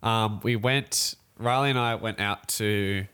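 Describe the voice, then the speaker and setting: A young man with a lowish, clean-toned voice tells a story during a casual podcast chat. He's animated, laughs quickly, and acts out other people's voices along the way.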